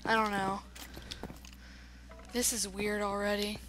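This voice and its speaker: A woman's voice: mid-range voice, level tone, slow pace, very noisy. A woman chatting through a let's play, reacting aloud to the game as she goes. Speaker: gamer.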